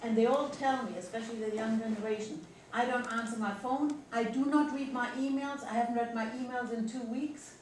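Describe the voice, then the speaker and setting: A woman's voice: on the high side, steady tone, a little fast, a little mellow, distant mic, a little hiss or hum. Frank woman speaking up in class. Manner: frank, complaining. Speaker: real estate agent, class participant. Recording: echoey room recorded from afar.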